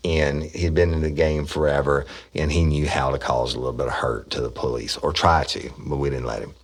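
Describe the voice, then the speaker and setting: Deep-voiced man telling cop stories. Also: level tone, fairly quick. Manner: profane, rambling storyteller who acts out quotes loudly. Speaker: podcast host, former police officer. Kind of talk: casual true-crime storytelling.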